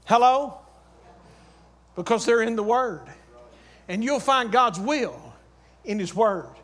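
A man's voice: extremely high pitch, expressive, slow pace. A man preaching a sermon, urging his congregation with repeated phrases and calling out to them. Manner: swings from loud urging to quiet storytelling.

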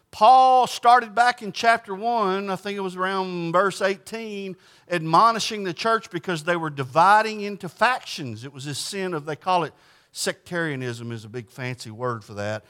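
A man's voice: sits high, animated, normal speed, pushed and bright. A man preaching a conversational sermon, reading scripture aloud and explaining it in a folksy, emphatic way, often restarting his sentences. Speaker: pastor.

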